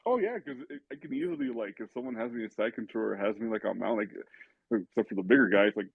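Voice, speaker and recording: A man's voice: lowish voice, fast, gravelly, breathy edge, no echo, phone-quality sound. A man chatting casually on a podcast about martial arts, often stammering and repeating words. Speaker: podcast guest, judo and jiu-jitsu student. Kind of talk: casual chat.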